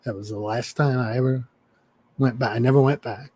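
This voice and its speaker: A man telling a story in casual chat, swearing freely and animated. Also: mid-range voice, fairly quick, slightly rough. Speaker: chat participant.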